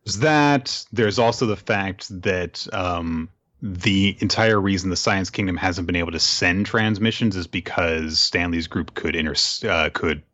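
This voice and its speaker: A man's voice: low voice, a little slow, a bit bright, dry recording. A man hosting a podcast, casually recapping a manga chapter with laughs and the odd swear word. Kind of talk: casual chat. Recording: dull, dry lo-fi sound.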